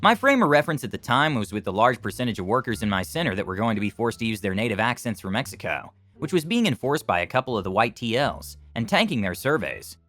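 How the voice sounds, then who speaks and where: Man narrating with lively intonation. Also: medium pitch, quick pace, hardly any pauses. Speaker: narrator of reader-submitted stories. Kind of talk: scripted story narration.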